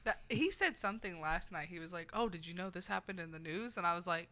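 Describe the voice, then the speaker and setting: A woman with a bright, lively voice chatting on a podcast. Her pitch swings freely as she acts out quotes in her stories. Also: fast. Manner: lively storyteller, laughs often, acts out quotes. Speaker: podcast co-host. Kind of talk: casual chat.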